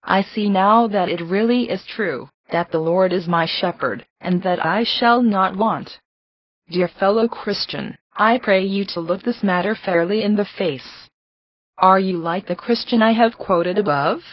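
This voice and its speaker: A woman reading a devotional address aloud in an earnest, pleading, steady manner. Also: mid-range voice, unhurried, husky, no echo. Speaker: reader of a devotional text. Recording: dull lo-fi dry recording.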